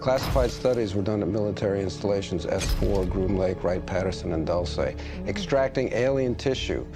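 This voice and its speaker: A man plays a grave TV-drama narrator who unveils a hidden conspiracy. His voice is low and unhurried, solemn in every sentence. A clear music bed plays under him. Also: close to an everyday voice. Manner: solemn, measured delivery.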